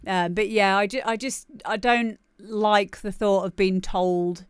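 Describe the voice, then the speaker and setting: Brief: female stream host, smooth clear voice, dry close sound, loose giggly chatter. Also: mid-range voice, fairly even intonation, unhurried, no echo. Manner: chatty and giggly, rambling with many fillers. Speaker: livestream show host. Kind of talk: casual livestream chat.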